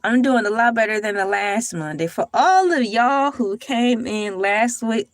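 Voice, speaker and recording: A young woman hosting a casual morning livestream, playful and animated as she talks to her chat. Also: a little high, unhurried, no room sound. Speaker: livestream host.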